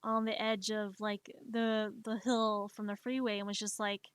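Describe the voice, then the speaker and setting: A woman's voice: mid-range voice, little pitch movement, moderate pace, clean tone, dry recording. A young woman streamer telling a personal story in a casual, anxious way, often stammering and repeating herself. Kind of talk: storytelling during a live art stream.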